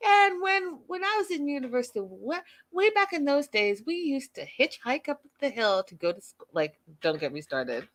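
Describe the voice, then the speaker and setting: A woman's voice: high voice, big pitch swings, normal speed, hardly any pauses, fairly bright tone. Chatty gossipy woman recapping a show. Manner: chatty, gossipy, playfully dramatic. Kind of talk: casual recap chat to viewers.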